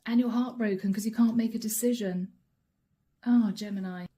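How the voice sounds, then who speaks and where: 温暖柔和、爱笑的塔罗女占卜师. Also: female voice, medium pitch, steady tone, moderate pace, mellow. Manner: chatty, laughs often, voices the listener's inner thoughts. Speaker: tarot reader. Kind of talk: channeled tarot reading to camera.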